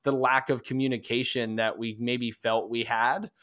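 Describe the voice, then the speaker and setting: A man co-hosting a podcast, telling a story in casual chat, rambling and halting with many fillers and restarts. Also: medium pitch, little pitch movement, a bit bright, no room sound. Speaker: podcast co-host.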